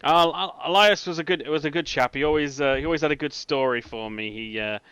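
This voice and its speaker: A man voicing a busy, brash newspaper boss who talks in halting restarts, in a tabletop game. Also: fairly high pitch, a bit bright, smooth, no room sound, natural voice. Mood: brusque. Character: busy male tabloid boss, brash and wheeling-dealing.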